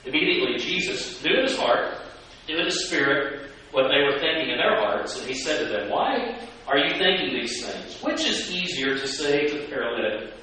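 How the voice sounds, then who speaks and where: A man preaches to a congregation with a bright, forceful voice, pitched a little above the usual for a man. He asks his listeners questions as he reads the passage aloud. He sounds some way off from the mic, in a very echoey church with a faint hiss underneath. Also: animated, normal speed, recorded from a distance. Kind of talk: sermon. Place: church sanctuary.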